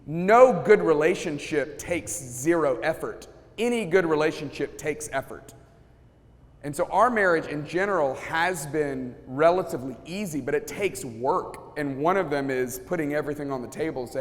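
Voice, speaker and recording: A pastor speaking casually to a live audience, telling stories and acting out what people said, with many restarts. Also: male voice, a little high, normal speed. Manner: storytelling, acts out quotes, many restarts. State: sweating, feels hot. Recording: long hall reverb.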